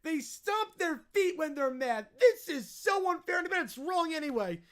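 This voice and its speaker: A man voicing an entitled little boy throwing a whining, yelling tantrum. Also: very high voice, big pitch swings, unhurried, full character voice.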